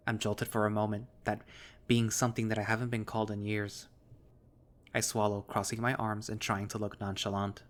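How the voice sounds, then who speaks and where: Low-voiced man narrating a story. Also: little pitch movement, normal speed. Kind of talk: first-person visual novel reading.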